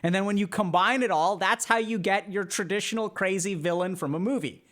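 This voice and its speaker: A man's voice: sits high, brisk. A man explaining ideas on a livestream in a casual, conversational way, with many fillers. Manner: animated, conversational, frequent fillers. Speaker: streamer and psychiatry educator.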